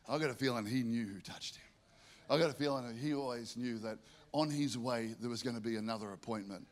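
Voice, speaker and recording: A male pastor preaching a sermon, stacking up rhetorical questions and telling lively stories. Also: medium pitch, a little fast.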